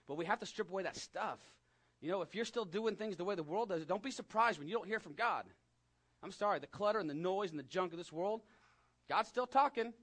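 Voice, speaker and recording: A man with a West Texas accent preaching a sermon in a conversational way, rising to emphatic peaks and dropping to hushed asides. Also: on the high side. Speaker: pastor.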